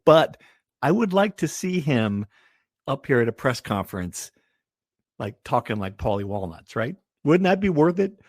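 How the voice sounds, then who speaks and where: A man co-hosting a casual sports podcast, joking and quick to chime in. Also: mid-range voice, dry recording, studio quality. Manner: animated, joking, quick interjections. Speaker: podcast co-host.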